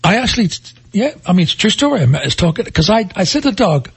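A man co-hosting a casual radio talk show, reacting with animated exclamations. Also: high-pitched, fast, creaky, husky. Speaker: radio co-host.

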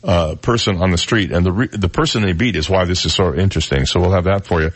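Deep-voiced radio host, wry and chatty. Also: male voice, fast, husky. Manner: wry asides, reads stories then jokes about them. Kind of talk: casual news-of-the-day monologue.

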